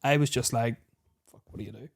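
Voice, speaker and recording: A podcast co-host tells comic stories in casual chat, his medium-pitched, creaky voice moving fairly quickly. He swears heavily, laughs mid-story and acts out other people's lines in animated voices.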